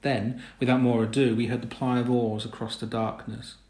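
A man narrating a story in a measured, low-key reading. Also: flat delivery, a little mellow. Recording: roomy echo.

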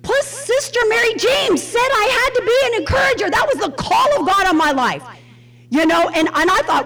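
A woman telling personal stories in a sermon, animated and laughing often as she acts out the voices of people in them. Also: very high voice, moderate pace, in a large hall, a crowd in the background. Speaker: speaker at a women's Bible study. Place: Houston church gathering.

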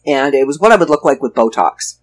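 A woman's voice: rumbling low, lively intonation, brisk. A woman, an author and show host who lives in Florida, telling stories in a chatty, wry and sarcastic way and laughing often. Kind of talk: casual storytelling monologue.

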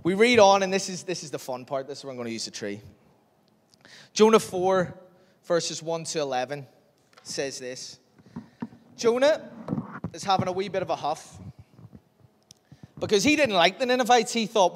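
Animated preacher man. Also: high-pitched, moderate pace, long pauses. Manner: animated storytelling, acting out Bible scenes. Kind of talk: sermon. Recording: long reverb of a large hall.

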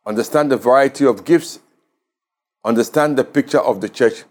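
Speaking with a Ghanaian English accent, a man delivers a sermon on the radio as a pastor. He is measured yet emphatic, stressing key words in a medium-pitched, somewhat dark voice.

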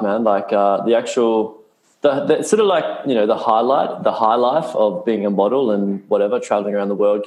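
Laid-back Australian man, low voice. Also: a little mellow. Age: young adult. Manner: laid-back, sarcastic, swears freely. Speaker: guest. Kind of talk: casual interview chat. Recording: roomy echo.

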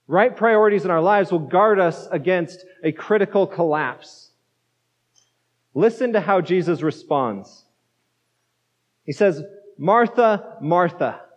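A male pastor preaching a sermon in a conversational way, asking his listeners rhetorical questions. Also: sits high. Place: church sanctuary. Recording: dull lo-fi sound with long reverb.

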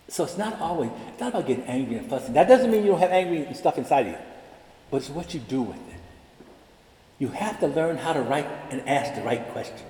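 Lively older man speaking in an echoing chapel. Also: mid-range voice. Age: about 70. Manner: animated storyteller, acts out dialogue. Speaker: convocation speaker. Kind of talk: ceremonial address with personal stories. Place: large chapel. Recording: echoey chapel with long reverb.

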